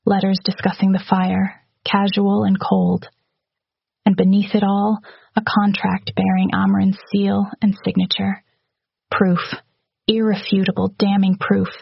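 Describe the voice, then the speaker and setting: A woman reading a romantic fantasy story aloud in a steady, even narration, with hushed dialogue. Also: mid-range voice, a little slow, vocal fry, slightly rough, no echo, muffled recording. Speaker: audiobook narrator. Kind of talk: scripted narration.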